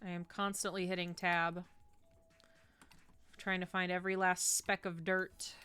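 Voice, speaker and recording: A woman streaming a game from home on a desk microphone, chatting casually and ranting with animated disgust. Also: fairly low pitch, measured pace, clean tone. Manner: animated, says 'ew' and 'icky' with disgust, ranting. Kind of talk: casual gameplay stream chat.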